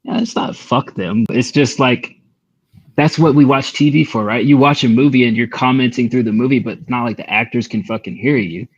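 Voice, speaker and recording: Chill guy, mid pitch voice, kinda muffled lo-fi audio, thinking out loud on stream. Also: a little fast, slightly rough. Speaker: co-host and rapper. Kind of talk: casual stream chat.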